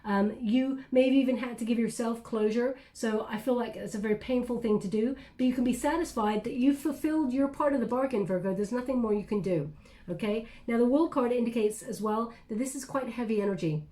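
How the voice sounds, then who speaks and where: A woman giving an intuitive tarot reading to camera, chatty and reflective, with many pauses and restarts. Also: fairly high pitch, warm tone. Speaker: tarot reader.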